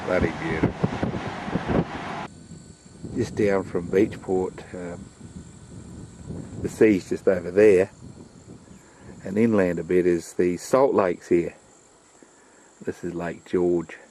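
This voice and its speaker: Outdoors on the coast, a man with a deep voice narrates a casual travel vlog, chatting to his dog and repeating himself. He takes it slowly, with long pauses, and the rough recording is full of loud wind noise.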